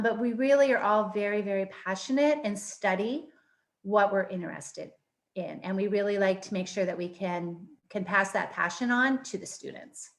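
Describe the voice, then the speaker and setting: A woman's voice: mid-range voice, a bit bright. A middle-aged woman professor presenting in a webinar over a video call, enthusiastic and peppered with um fillers.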